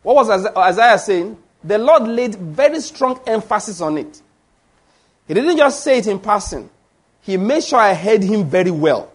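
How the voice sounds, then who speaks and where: High-voiced preacher, emphatic. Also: male voice, expressive, moderate pace. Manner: emphatic, with rhetorical questions to the congregation. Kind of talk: sermon.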